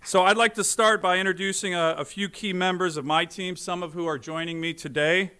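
A man's voice: high voice, steady tone, a little fast, bright, forceful tone, clean tone. A middle-aged man, a senator, giving a formal speech to a legislative chamber, telling anecdotes with self-deprecating jokes.

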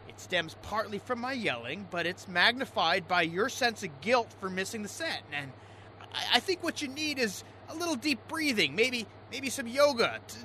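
A man's voice: high-pitched, big pitch swings, normal speed, slight background noise, heavily acted. An actor playing a hot-tempered fishing skipper in a radio comedy sketch, who bellows orders and then switches to an overdone soothing tone. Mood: mock soothing. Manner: yells in exasperation, then turns mock-soothing.

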